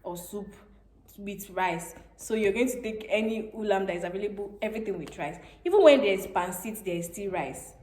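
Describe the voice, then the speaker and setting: A woman's voice: mid-range voice, normal speed, a little mellow. A young woman from Nigeria hosting a casual chat and laughing often. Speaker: vlogger host. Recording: echoey room.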